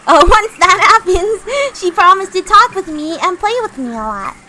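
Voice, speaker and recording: A woman voicing an eerie little girl devoted to a witch, speaking in a calm, insistent, unsettling way while reading a visual novel. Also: very high voice, normal speed, slight background noise, pitched above the performer's own voice, heavily acted, poor audio.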